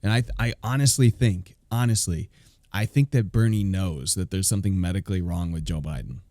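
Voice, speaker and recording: A man's voice: low voice, fairly quick, warm tone, dry recording, studio quality. A man live-streaming a reaction, incredulous, laughing often and swearing.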